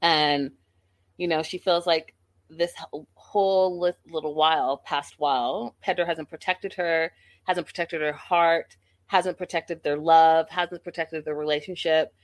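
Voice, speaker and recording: A woman giving a casual reality TV recap, sassy and animated, talking straight to her viewers. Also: deep voice, unhurried.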